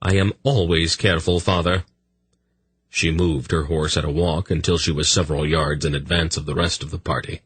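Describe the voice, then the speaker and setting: A man narrating a fantasy audiobook in a measured, steady storytelling manner. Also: extremely low pitch, slightly rough, no room sound.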